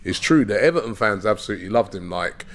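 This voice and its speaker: A man's voice: lowish voice, expressive, quick pace, fairly bright tone. A man co-hosting a podcast, chatting casually and agreeing often. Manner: chatty, agreeing with frequent yeahs. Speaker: podcast co-host. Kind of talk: casual chat.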